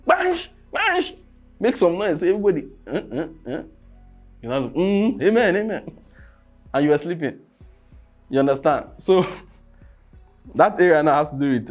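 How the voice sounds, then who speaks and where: A young man, coaching on presentations in a casual teaching talk. He keeps asking "you understand?" and breaks into sudden loud bursts. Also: medium pitch.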